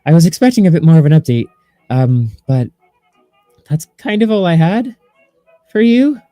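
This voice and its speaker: A man's voice: on the high side, big pitch swings, moderate pace, mellow, dry recording, muffled recording, faint music behind, pitched above the performer's own voice. A man voicing an awkward young male guild messenger who stammers and hesitates.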